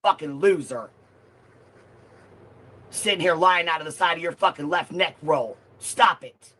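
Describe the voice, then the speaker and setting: Angry swearing man with a higher voice. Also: measured pace, sharp tone. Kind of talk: angry rant on a livestream.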